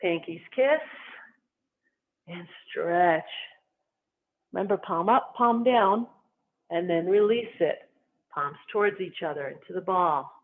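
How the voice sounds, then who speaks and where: A qigong instructor calmly guiding students step by step through slow movement and stretching exercises. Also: mid-range voice. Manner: calm, gently instructive, cueing each movement. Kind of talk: guided movement lesson. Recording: tinny phone-like sound.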